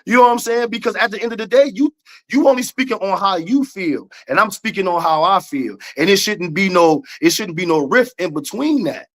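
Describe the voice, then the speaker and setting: A man with a fairly high voice co-hosts a casual talk show. He argues his side with emphasis, circling back to the same points in loose slang. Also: expressive, fairly quick, fairly bright tone. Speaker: podcast co-host. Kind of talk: casual debate chat.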